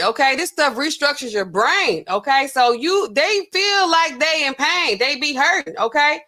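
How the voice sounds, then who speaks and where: A woman's voice: a little high, pushed and bright. A woman hosting a casual pharmacy commentary, reading drug documents aloud and checking in with "okay?" constantly. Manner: peppers talk with "okay?", skims and reads documents aloud. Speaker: pharmacist host.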